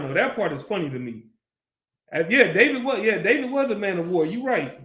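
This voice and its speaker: A man's voice: high voice, reverberant. A man teaching a Bible class, keeps asking the class questions and acts out the story in street slang.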